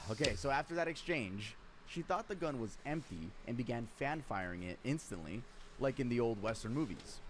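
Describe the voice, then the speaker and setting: A man giving scripted true crime narration, lively storytelling with dry sarcastic asides. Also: mid-range voice, moderate pace, background noise.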